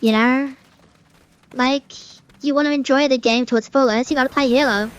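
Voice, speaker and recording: A woman's voice: high-pitched, steady tone, normal speed. A young woman streamer in casual gameplay commentary, ranting in a chatty way with many fillers. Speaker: gaming streamer.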